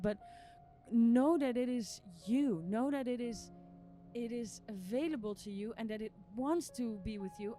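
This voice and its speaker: A woman's voice: mid-range voice, darkish tone. A woman who is not a native English speaker, hosting a podcast and talking in an earnest, emotional spiritual monologue with repeated phrases. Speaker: podcast host.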